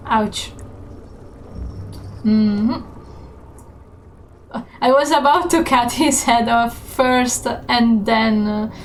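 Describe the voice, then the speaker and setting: A woman streamer giving gaming stream commentary, chatty and unhurried with many fillers. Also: on the high side, slight background noise. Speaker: game streamer.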